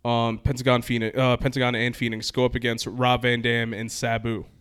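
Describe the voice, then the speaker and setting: A man rattles through a trip story at a quick clip, his voice smooth and clear. He talks casually and animatedly, slipping into the voices of people he met. He sounds like a podcast co-host chatting with friends. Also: medium pitch. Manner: animated, acts out quoted exchanges with laughs.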